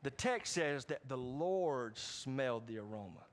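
A middle-aged man preaching a sermon, animated, with sudden loud rises and frequent asides to the congregation. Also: mid-range voice, a little slow. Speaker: pastor.

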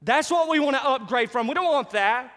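High-voiced pastor preaching in a hall. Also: male voice, fairly quick. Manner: animated storytelling, asks the congregation questions. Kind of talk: sermon.

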